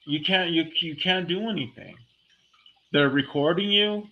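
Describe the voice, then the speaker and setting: A man's voice: on the high side, unhurried. A man delivering a heated, blunt, profane monologue as a vlogger, talking casually and speaking his mind. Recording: dull lo-fi recording.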